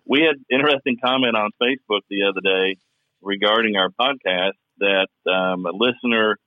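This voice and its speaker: Here the same kind of Kentucky co-host, drawling in a lowish voice, explains his views thoughtfully and at length in casual podcast chat. There's no echo, but the audio has a tinny phone-line quality.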